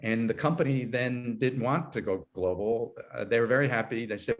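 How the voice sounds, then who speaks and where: Here a sixty-something man, an HR consultant being interviewed as a guest, talks about his working life at normal speed with few pauses. His medium-pitched voice wanders and self-corrects, and he breaks into laughter easily.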